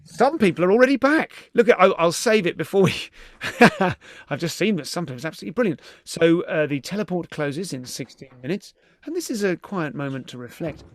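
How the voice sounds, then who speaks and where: A middle-aged British man hosting a live comedy stream. He chats in a fairly high voice that swoops up and down, breaking into giggles and casual swearing. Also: lively intonation, fairly quick, no echo. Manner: chatty, giggly, swearing, greets viewers. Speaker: podcast host.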